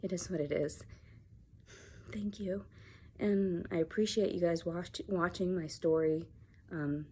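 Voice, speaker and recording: A woman talking to camera in a personal vlog, soft-spoken and reflective, sometimes sinking to a whisper. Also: lowish voice, fairly even intonation, measured pace, pauses often, husky. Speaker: vlogger.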